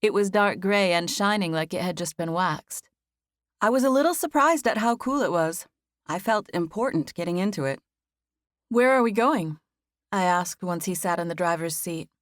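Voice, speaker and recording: A woman narrating a contemporary first-person novel as an audiobook, with a gentle storytelling manner. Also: lowish voice, moderate pace, no room sound, clean studio sound.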